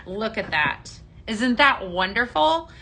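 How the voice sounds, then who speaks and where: A woman's voice: fairly high pitch, sing-song, takes it slowly, bright, forceful tone. A woman hosting a casual live-stream shopping show, chatty and upbeat, with many ums, calling viewers her friends.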